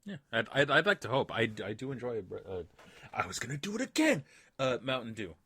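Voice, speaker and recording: A man's voice: medium pitch, big pitch swings, a little fast, pushed and bright, breathy edge. A young man chatting as a podcast guest, playful and boastful in his banter. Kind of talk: casual chat.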